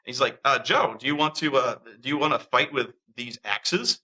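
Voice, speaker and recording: A man tells a story in a casual, animated way, acting out the voices of the people he quotes. His voice is very bright, and he often restarts his sentences. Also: mid-range voice, moderate pace, slightly rough, low-quality recording. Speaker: interviewee.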